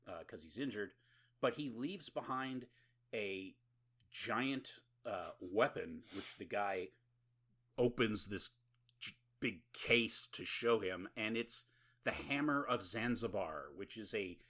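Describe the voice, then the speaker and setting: A man's voice: fairly low pitch, lively intonation, slow, bright, forceful tone. A man co-hosting a podcast, recapping a horror movie in casual, rambling, profane chat and laughing often. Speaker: podcast co-host.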